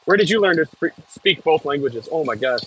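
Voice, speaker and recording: American man, animated up-and-down voice, casual live-stream chatter, cursing at bumps, faint outdoor hum behind. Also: a little high, a little fast, poor audio. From United States. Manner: chatty, reads viewer chat aloud, swears when jolted. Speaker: livestreaming equipment operator. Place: cab of a heavy machine bouncing over frozen ground outdoors.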